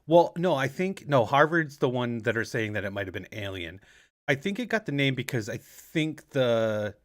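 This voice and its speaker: A man's voice: mid-range voice, sing-song, normal speed. Casting: American male podcast co-host, rambling and jokey, mid-range voice. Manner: chatty, rambling, jokey asides. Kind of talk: casual conspiracy chat.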